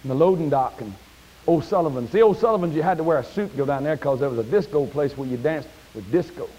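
A man preaching a sermon in a church, folksy and plain-spoken, climbing to high shouted peaks. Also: animated, fast talker, lo-fi sound. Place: church sanctuary.

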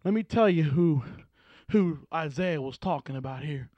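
A preacher doing eager evangelist Philip. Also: male voice, a little high, lively intonation, normal speed, no room sound, highs cut off, voice pushed down, natural voice. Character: Philip, male early church evangelist, eager.

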